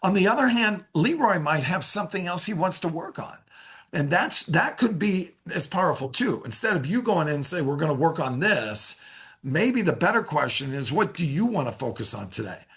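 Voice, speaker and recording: Husky-voiced man teaching sales managers. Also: fairly high pitch, moderate pace. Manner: energetic, acts out both sides of coaching talks. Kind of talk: leadership lesson to a live class.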